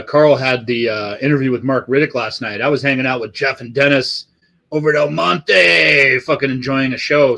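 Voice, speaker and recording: A man's voice: medium pitch, fairly bright tone. Middle-aged la guy rambling on a live stream, swears constantly, lots of uh and um. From Los Angeles area. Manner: rambling, profane, many fillers. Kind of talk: casual chat to live chat.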